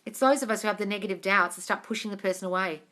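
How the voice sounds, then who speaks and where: A woman's voice: mid-range voice, very fast, fairly bright tone. An Australian woman coaching on a live stream, reading viewer comments and answering them bluntly with plenty of swearing and calls of darling.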